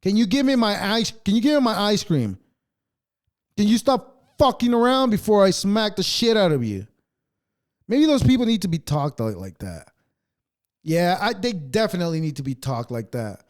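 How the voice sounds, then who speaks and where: A podcast host with a high voice speaks at normal speed while reacting to clips. He rants casually and animatedly, swearing heavily and leaning on sarcasm.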